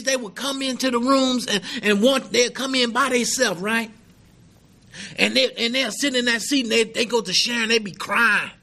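A man's voice: very high voice, creaky, bright, forceful tone. A middle-aged man sharing his recovery story at a meeting, earnest and emphatic, with many asides of "man" and "right?". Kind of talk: personal recovery testimony.

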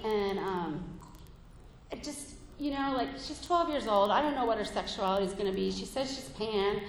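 A woman's voice: mid-range voice, moderate pace, a little hiss or hum. A woman in her thirties giving a candid, rambling personal testimony at a recovery meeting, with many fillers and laughs. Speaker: speaker sharing at a recovery meeting. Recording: echoey hall from far off.

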